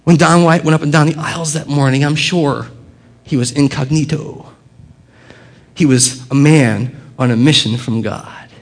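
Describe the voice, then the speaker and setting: Gravelly-voiced man preaching a sermon. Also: a little high, moderate pace. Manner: earnest, expressive preaching with quiet drops and emphatic rises. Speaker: pastor.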